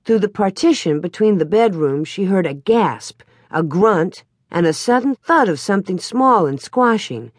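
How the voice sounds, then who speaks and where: Expressive woman reading a storybook. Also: medium pitch, moderate pace, dry recording, studio quality. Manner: expressive storytelling, lively cadence. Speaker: audiobook narrator. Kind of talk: scripted narration.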